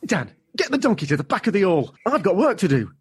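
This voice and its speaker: A man's voice: high-pitched, very animated, quick pace. A blunt, grumbling organiser running auditions in a comedy radio play. His voice rises and falls a lot, with faint noise behind it. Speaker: amateur show director.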